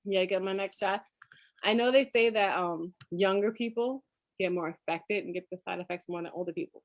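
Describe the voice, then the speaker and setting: A woman's voice: mid-range voice, fairly quick, no room sound. A woman guest chatting casually in an interview, telling stories and laughing often. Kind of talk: casual chat. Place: lives in Florida.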